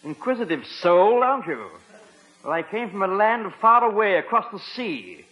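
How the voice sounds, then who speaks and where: A fussy English butler. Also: male voice, sits high, expressive, normal speed, pushed and bright, rough recording. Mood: bewildered. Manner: wry, flustered, nervous stammering. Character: fussy, dry-witted English butler, middle-aged man. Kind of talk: 1950s radio sitcom acting.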